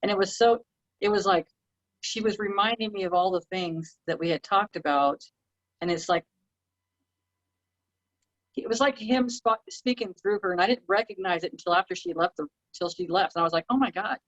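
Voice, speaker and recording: A woman's voice: medium pitch, moderate pace, long pauses, no room sound, dull audio. A woman co-hosting a casual spiritual talk show, reflecting on her own experiences. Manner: reflective, relating personal experiences. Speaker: co-host.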